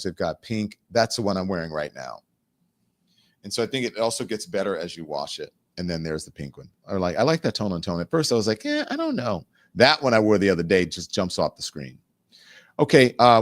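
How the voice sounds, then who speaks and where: A man's voice: low voice, expressive, quick pace, no echo. A man hosting a live online talk show, speaking candidly and with animation straight to his viewers. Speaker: show host. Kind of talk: casual livestream commentary.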